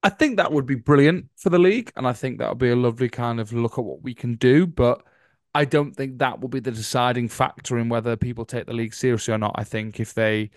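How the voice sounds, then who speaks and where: A man talks quickly and eagerly on a podcast, stringing his thoughts together in long runs. His voice is mid-pitched and recorded close and dry, with no room sound around it. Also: no room sound. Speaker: regular podcast co-host and pundit. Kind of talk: casual podcast chat.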